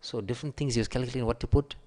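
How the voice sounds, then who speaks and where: A man giving a sermon, telling stories and acting out the quoted voices with a raised pitch. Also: fairly even intonation, rapid-fire, warm tone. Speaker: preacher. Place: temple hall. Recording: long hall reverb.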